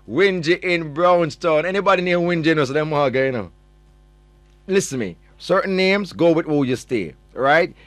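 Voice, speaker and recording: A man's voice: a little high, no echo. A man with a Jamaican accent hosting a morning radio show, teasing listeners playfully and mixing patois into his English. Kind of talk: morning radio chat, reading out listener messages.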